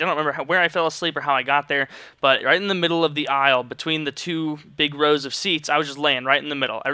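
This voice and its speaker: Young man, rambling storyteller, very bright tense tone, dry close sound, swears a lot. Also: mid-range voice, clear, resonant tone, no room sound. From St. Louis, Missouri. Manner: rambling, joking, swears freely. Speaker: vlogger. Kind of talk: casual storytelling monologue.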